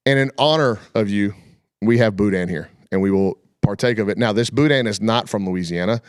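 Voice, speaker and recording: A man's voice: on the low side, brisk, smooth, no room sound, studio quality. A man hosting a sports talk show, chatting casually in a folksy, colloquial storytelling way. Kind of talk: casual chat.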